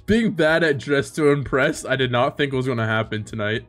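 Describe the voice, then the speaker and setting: A young man giving casual, profane gaming commentary in an excitable way, breaking into loud laughter. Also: mid-range voice, normal speed, few pauses, soft background music. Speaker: streamer.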